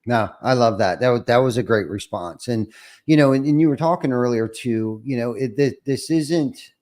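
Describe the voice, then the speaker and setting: A man's voice: medium pitch, normal speed, a little mellow. Reflective man hosting a podcast. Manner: reflective, many restarts and fillers. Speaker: podcast host. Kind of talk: casual interview chat.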